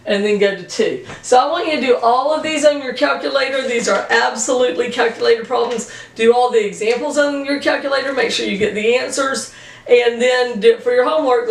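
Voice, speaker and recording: Woman teaching math, fairly high voice, brisk, repeats key points, echoey and off-mic. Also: recorded from a distance. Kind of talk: recorded classroom lesson. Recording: roomy echo, voice off-mic.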